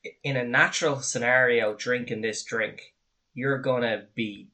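An Irish man chatting on a beer podcast in a clear, bright voice. He rambles through his points, teases his co-hosts and swears when he gets riled up. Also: mid-range voice, fairly even intonation, unhurried. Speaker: podcast co-host. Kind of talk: casual beer-tasting chat.

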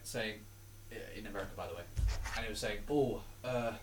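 A man's voice: lowish voice, echoey room, distant mic, background noise. A man telling a rambling story in casual podcast chat, acting out the quotes he tells. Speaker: podcast co-host.

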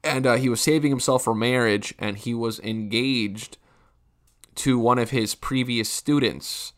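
Medium in pitch and a little slow, this man's voice carries a casual comedic rant. He's around thirty, rambles, curses, keeps starting his sentences over, and pokes fun at himself.

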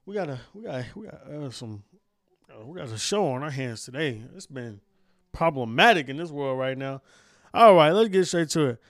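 A man's voice: a little high, expressive, normal speed, no echo, clean studio sound. A man hosting a casual solo podcast, rambling and groggy after just waking up, cussing a lot and stumbling over his words. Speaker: podcast host.

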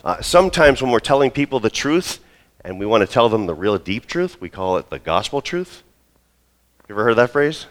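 A man in his role as pastor, preaching a sermon and telling a story with lively asides. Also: medium pitch, normal speed. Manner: storytelling, acts out quoted voices.

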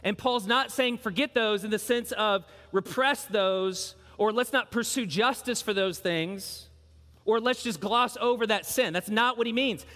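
A man's voice: high-pitched, bright, forceful tone, long reverb tail. A man preaching a sermon as pastor, earnest and emphatic, driving points home with repeated phrases.

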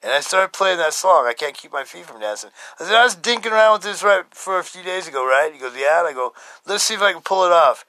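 Excitable fifty-something man telling a story. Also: on the high side, quick pace, hardly any pauses, dry recording. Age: 50s. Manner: excitable, swearing, laughing often. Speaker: podcast host. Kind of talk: casual storytelling monologue.

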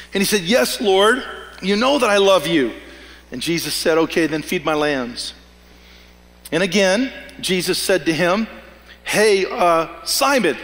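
A man's voice: high-pitched, a bit bright. A man preaching a sermon as a pastor, telling the story in a conversational way and acting out the dialogue. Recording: long reverb of a church hall.

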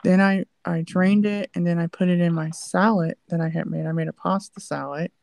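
A woman's voice: on the low side, fairly even intonation, brisk, gravelly, a little mellow, no room sound. A woman hosting a casual chat, talking at length and listing things one by one. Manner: chatty, lists things at length. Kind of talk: casual chat about food.

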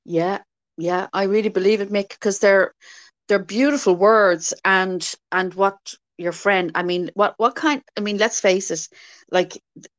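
A woman's voice: medium pitch, steady tone, unhurried. A woman co-hosting a casual podcast chat, encouraging her guest and laughing along often. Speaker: podcast co-host.

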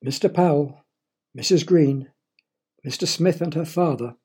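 A man reading a children's story aloud in a gentle, explanatory manner. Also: a little high, measured pace, husky, soft background music.

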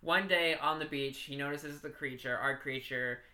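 A woman's voice: low-pitched, normal speed, pushed and bright. A woman co-hosting a podcast, retelling a folk tale in a casual, giggly, rambling way. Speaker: podcast co-host.

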